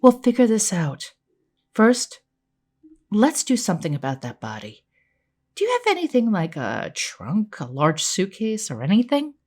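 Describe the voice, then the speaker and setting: A woman's voice: mid-range voice, huge pitch swings, a little slow, darkish tone, voice pushed up. A woman reading an audiobook, voicing a brash, pushy adult woman friend who talks bluntly and bossily. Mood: coaxing. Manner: blunt and bossy.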